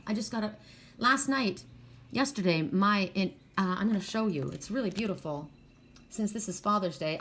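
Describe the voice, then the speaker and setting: A woman's voice: on the low side, fairly bright tone, slight background noise. An older woman giving a casual spoken oracle card reading, earnest and spiritual, talking straight to viewers with frequent restarts and self-corrections.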